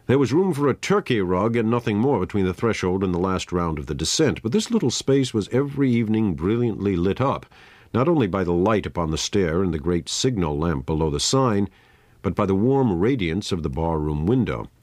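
A man reading a story aloud in a measured, dramatic manner. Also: low-pitched, darkish tone, no room sound. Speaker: narrator. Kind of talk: scripted story narration.

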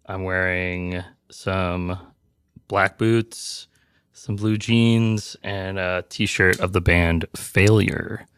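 A man, a drummer guesting on a radio show, talking in a slow, laid-back way. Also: deep voice, fairly even intonation, fairly bright tone, smooth, dry recording. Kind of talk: casual radio interview. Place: radio studio.

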